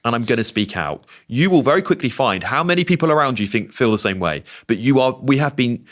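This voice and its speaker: A man's voice: mid-range voice, animated, fast talker. A British man, a guest on a conversational podcast, giving his opinions emphatically. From Britain. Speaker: guest, TV presenter.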